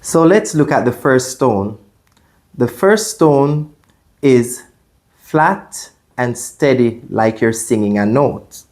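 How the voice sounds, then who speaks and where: A man teaching a beginner language lesson, explaining clearly and patiently and demonstrating sounds by repeating them. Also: medium pitch, expressive, takes it slowly, darkish tone.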